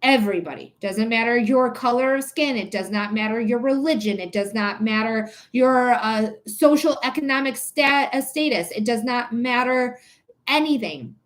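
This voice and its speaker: A woman's voice: on the high side, moderate pace. A young adult woman reading tarot on a livestream, ranting emphatically with repetition and swearing, then thanking viewers. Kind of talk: casual livestream chat.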